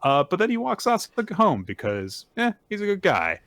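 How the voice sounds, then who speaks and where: A man's voice: high-pitched, wildly swooping pitch, moderate pace, a bit bright, no room sound. A man hosting a casual podcast, recapping manga chapters at length and acting out the characters' lines. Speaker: podcast host.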